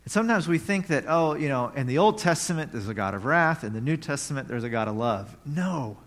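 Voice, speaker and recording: A man preaching a sermon in a conversational way, reading scripture aloud and now and then breaking into joyful shouts. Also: a little high, lively intonation, fairly quick. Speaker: pastor.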